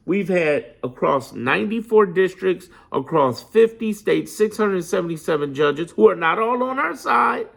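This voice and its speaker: A man with a somewhat raised pitch and a rough, gravelly edge to his voice. He talks in an emphatic, preachy way, swearing freely and hammering his points home by repeating them. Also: fairly bright tone. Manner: preachy, motivational. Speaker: political commentator. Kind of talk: impassioned political monologue.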